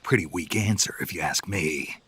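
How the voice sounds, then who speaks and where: A man's voice: low-pitched, moderate pace, bright, forceful tone, slightly rough, exaggerated voice. An actor playing a terse, hardened male soldier asking dry questions over the radio in a video game.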